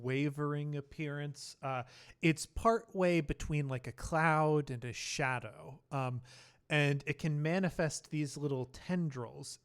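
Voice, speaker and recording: Slow, halting game master man, fillers, tabletop narration. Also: on the high side, clear, resonant tone.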